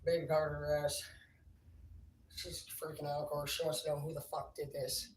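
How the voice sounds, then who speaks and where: A woman's voice: deep voice, flat delivery, moderate pace, slight background noise. A woman livestreaming, telling rambling stories in a casual, profane, laughing way. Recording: roomy, distant mic, faint ambience.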